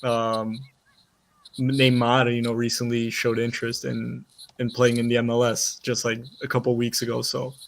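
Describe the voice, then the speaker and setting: This is a man giving his take on a soccer chat show. He speaks in an even, level tone with little melody, and he hedges with fillers and false starts as he goes. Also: mid-range voice, normal speed, creaky. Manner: hesitant, many fillers and restarts. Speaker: soccer podcast panelist. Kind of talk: casual chat.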